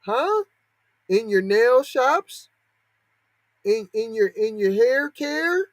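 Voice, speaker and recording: A man putting on a shrill, sneering critic. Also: very animated, slow pace, no echo, full character voice. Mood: mocking.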